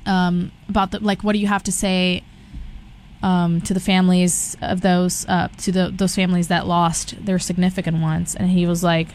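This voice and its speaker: A young woman from Brazil, talking as a guest in a casual chat, restarting sentences and filling pauses with "like" and "um". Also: lowish voice, little pitch movement, a little mellow. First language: Portuguese. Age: young adult. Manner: chatty, restarts often with many fillers.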